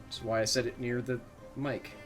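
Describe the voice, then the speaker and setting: A man's voice: mid-range voice, little pitch movement, moderate pace, faint music behind. A man streaming a video game, chatting casually as he plays, rambling and swearing freely with self-mocking asides. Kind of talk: casual gameplay commentary.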